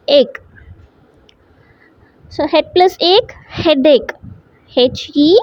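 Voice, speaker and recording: Woman teacher, Indian English accent, slow deliberate letter-by-letter delivery, dry close sound. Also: high voice, darkish tone, no room sound. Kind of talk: classroom English lesson. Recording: dull lo-fi sound.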